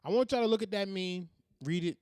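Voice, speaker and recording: A man's voice: sits high, a little fast, darkish tone, smooth, dry recording, studio quality. A man hosting a podcast in a casual, profane monologue who keeps breaking into laughter. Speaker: podcast host.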